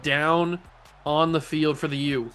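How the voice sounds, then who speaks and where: Gaming YouTuber, male, slightly high voice, lively play-by-play with playful trash talk, soft music underneath. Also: slow, clean tone. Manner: excitable, playful trash talk about his own plays. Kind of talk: gameplay commentary.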